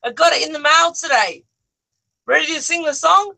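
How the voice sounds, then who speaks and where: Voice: high-pitched, moderate pace, vocal fry, pushed and bright, low-quality recording. A person with an Australian accent chatting casually on a livestream from their bedroom, giggling often and talking straight to the viewers through a phone on a selfie stick. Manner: giggly, chatty, talks to the chat. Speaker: livestream co-host. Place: own bedroom.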